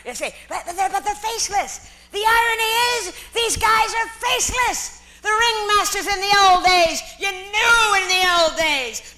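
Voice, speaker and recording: A woman impersonating a fiery, rambling old storyteller, his speech pitched very high and piercingly bright. He talks slowly and deliberately, circling back on the same phrases and bursting into shouts to drive his point home. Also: exaggerated voice. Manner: impassioned, repeats phrases, shouts for emphasis. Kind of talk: impression performed on stage.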